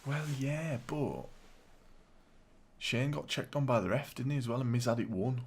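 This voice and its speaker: A man casually recapping a wrestling show, animated and laughing as he acts out what people said. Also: mid-range voice, normal speed, husky. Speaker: podcast host.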